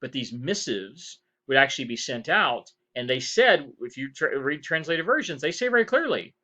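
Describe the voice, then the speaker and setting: A man's voice: medium pitch, very animated, moderate pace, few pauses, sharp tone, lo-fi sound. A man giving a history lecture as professor, rambling, correcting himself and asking rhetorical questions. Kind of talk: recorded lecture.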